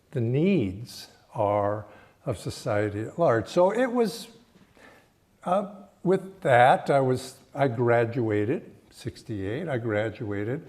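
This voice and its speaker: Slow, reflective older man giving a sermon. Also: medium pitch. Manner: slow, reflective, halting phrasing with frequent restarts and soft laughs. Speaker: spiritual teacher giving a Sunday talk. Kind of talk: sermon with personal storytelling.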